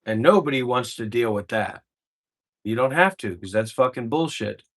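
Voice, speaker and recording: A man's voice: medium pitch, lively intonation, normal speed, a bit bright. A man giving an informal spiritual talk as a meditation teacher, blunt and profane, and driving his points home with emphatic repetition.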